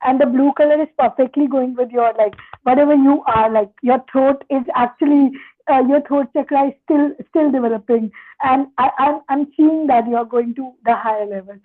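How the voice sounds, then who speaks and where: A woman with an Indian English accent hosting a podcast, talking fast, peppered with "like" and switching into Hindi. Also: sits high. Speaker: podcast host. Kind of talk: casual interview chat. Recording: tinny phone-like line.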